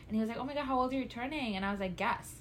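A woman in her twenties, casually chatting as a podcast co-host, acting out dialogue in a lively storytelling manner. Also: on the high side, racing, slight background noise. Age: 20s. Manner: animated storyteller, acts out dialogue, bursts into loud laughs. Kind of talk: casual chat.

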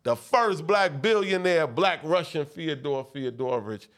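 Animated storytelling man, fairly high voice. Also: unhurried. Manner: animated storyteller, voices other people in his tales. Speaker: guest rapper. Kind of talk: casual storytelling on a podcast.

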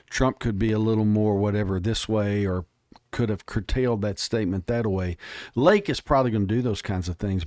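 A man's voice: fairly low pitch, a little mellow, no echo, clean studio sound. A man speaking as an interview guest, emphatic and plainspoken, telling stories in casual talk.

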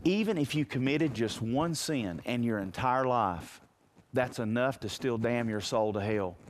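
A man preaching a sermon as pastor, addressing listeners directly and swinging from loud, raised passages to hushed, quiet ones. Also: mid-range voice, animated, measured pace, slight background noise.

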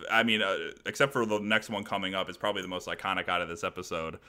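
A man co-hosting a podcast, recapping cartoon episodes in animated casual chat and laughing often as he tells it. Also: low-pitched, fast. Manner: animated retelling, laughs often, acts out quoted lines. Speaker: podcast co-host.

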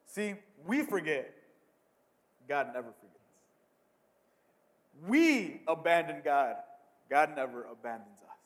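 A man preaching a sermon as a pastor, swinging between hushed asides and loud, emphatic bursts, often repeating words. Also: high voice, lively intonation, normal speed, in a large hall.

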